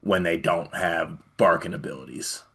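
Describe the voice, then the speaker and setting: A man's voice: deep voice, moderate pace, creaky, a bit bright, slightly rough. A man co-hosting a sports talk show, telling stories about playing college ball in a laid-back way. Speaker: co-host, former college player.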